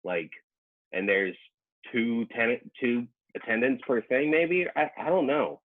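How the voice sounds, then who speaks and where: A man's voice: mid-range voice, sing-song, measured pace, narrow, tinny audio. A man who works as a professional cook, a podcast guest chatting casually and hesitantly, often restarting his sentences. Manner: hesitant, full of restarts, laughs easily. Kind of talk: casual chat.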